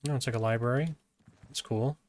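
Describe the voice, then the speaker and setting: A man's voice: mid-range voice, steady tone, fairly quick, slight background noise. A man streaming a fantasy video game, chatting casually and laughing easily as he plays. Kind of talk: casual gameplay commentary.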